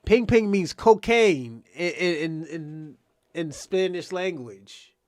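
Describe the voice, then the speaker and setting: Speaking slowly in a high-ish, expressive and somewhat mellow voice, a man hosts a livestream and addresses his chat casually. He rambles, curses, says things twice and teases viewers by nickname; the recording is dry and studio quality.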